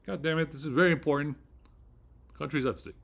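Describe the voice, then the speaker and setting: A man's voice: fairly high pitch, fairly even intonation, quick pace, creaky, a bit bright. A man imitating a male politician, speaking in an earnest and urgent speech.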